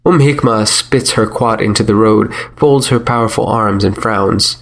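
A man narrating a first-person story in a measured, wry manner. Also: fairly low pitch, creaky.

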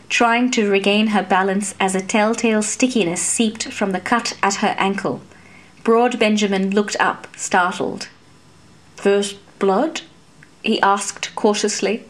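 A woman narrating a fantasy story in a steady, measured reading voice. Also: medium pitch. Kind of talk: scripted fiction narration.

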